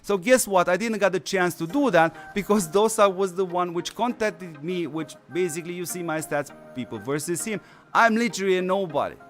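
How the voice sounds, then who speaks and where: A male gaming channel host streams a mobile strategy game in a high, brisk voice while soft music plays in the background. He is losing his voice and rambles through casual commentary, full of fillers and restarts.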